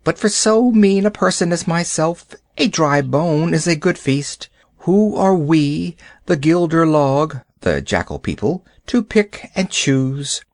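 Man doing a high wheedling storybook jackal, spiteful flatterer, close dry sound. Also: slow pace, no echo. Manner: wheedling, sing-song, mischievous. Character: sly fawning male jackal, spiteful flatterer. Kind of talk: storybook reading.

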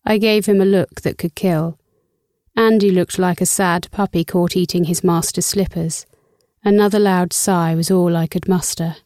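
A woman's voice: fairly low pitch, fairly even intonation, normal speed, mellow, no echo, clean studio sound. A young adult woman narrating a first-person story in a wry, sarcastic and profane way. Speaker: audiobook narrator.

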